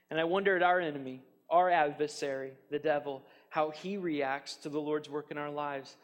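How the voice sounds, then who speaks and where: A man preaching a sermon as pastor, earnest and emphatic, often repeating his points. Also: a little high. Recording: long hall reverb.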